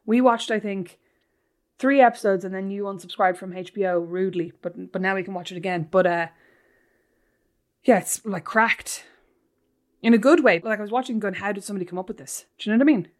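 A woman co-hosting a podcast with her sister, teasing and animated, often breaking into laughter. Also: medium pitch, brisk. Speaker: podcast co-host. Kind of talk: casual chat between sisters.

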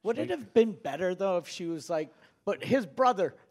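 A man's voice: sits high, very animated, moderate pace, darkish tone. A man on a comedy podcast, cracking crude jokes and giving short reactions. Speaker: podcast co-host. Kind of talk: casual comedic podcast chat.

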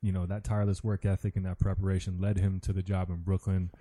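A man's voice: sits low, level tone, fast talker, dark tone, husky. A man, a former basketball player, talking casually and earnestly about basketball on a sports talk show.

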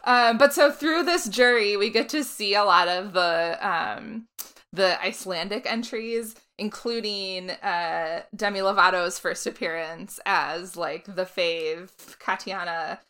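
Bright-voiced woman co-hosting a chatty podcast. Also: mid-range voice, smooth. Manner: chatty, quick asides, frequent laughter. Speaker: podcast co-host. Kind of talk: casual chat.

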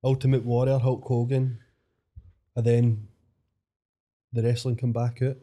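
A Glaswegian comedian in his mid-thirties chats as a podcast guest. His voice is dark and mellow, and he talks in an easygoing, agreeable way. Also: medium pitch, flat delivery, unhurried. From Scotland. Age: 30s. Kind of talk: casual chat.

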